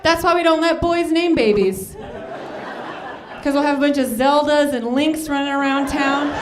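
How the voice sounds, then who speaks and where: A woman with a high voice delivers stand-up in a dry, deadpan way, jumping into bright put-on voices for the people in her stories. She is heard from a club stage, with room echo and an audience around her. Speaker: stand-up comedian. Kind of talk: stand-up comedy set. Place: comedy club stage with a crowd.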